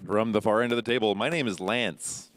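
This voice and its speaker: A man's voice: fairly low pitch, brisk, fairly bright tone. Dry-joking man on a live panel. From Indianapolis, USA. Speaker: podcast co-host. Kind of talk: live podcast panel talk. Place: convention podcast stage.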